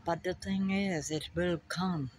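Slow-spoken middle-aged woman musing. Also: fairly low pitch, steady tone, darkish tone, a little hiss or hum. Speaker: vlogger. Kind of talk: reflective personal vlog talk.

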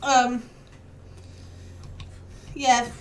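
A woman's voice: fairly high pitch, flat delivery, very slow, far from the mic. A young woman streaming a game live, chatting casually with her viewers, laughing easily and talking back to the game. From United Kingdom. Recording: echoey room, voice off-mic.

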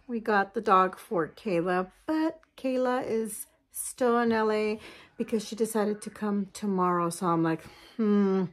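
A woman in her forties chatting casually to camera at home, gushing and fond, using baby talk with her dogs. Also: mid-range voice. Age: 40s. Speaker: lifestyle vlogger. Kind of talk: casual vlog chat to camera.

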